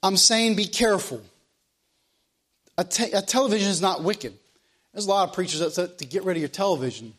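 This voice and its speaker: A man's voice: sits high, lively intonation, fairly quick, long pauses, a bit bright. A man preaching a sermon as pastor of a church, in plain country speech, asking the room question after question.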